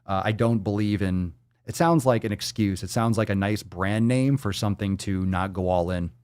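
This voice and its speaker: A man's voice: lowish voice, normal speed, darkish tone, clean tone, no room sound, studio quality. A man hosting a live fitness show, reading out viewer comments and answering questions in a brash, profane, hype-man way. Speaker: fitness podcast host.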